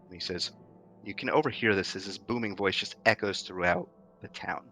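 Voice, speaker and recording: A man's voice: low-pitched, fairly quick, pushed and bright, rough recording. A man narrating as game master of a tabletop game, describing the scene in detail with frequent fillers.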